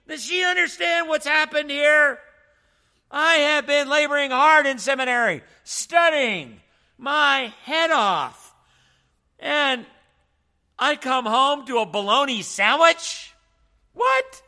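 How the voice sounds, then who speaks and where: A man's voice: high voice, fairly even intonation, slow pace, pushed and bright, clean tone, heavily acted. A man acting out a tired, hungry young seminary student who grows outraged about dinner. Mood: indignant. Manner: outraged rhetorical complaining.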